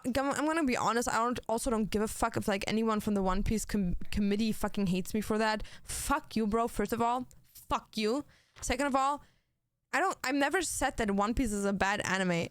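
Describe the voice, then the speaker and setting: A woman's voice: medium pitch, clean tone, dry recording. A young woman streaming, chatting casually while she plays, blunt and swearing freely with lots of fillers. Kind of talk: casual chat while gaming.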